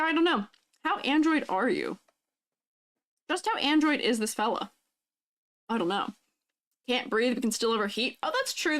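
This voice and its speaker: A woman's voice: on the high side, fairly bright tone. A young woman streaming casually, playful, laughing often and answering chat. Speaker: vtuber streamer.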